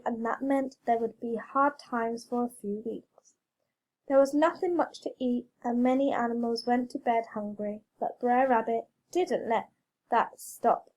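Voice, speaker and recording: A woman reading a children's story aloud, slow, clear and expressive. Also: on the high side. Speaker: reader.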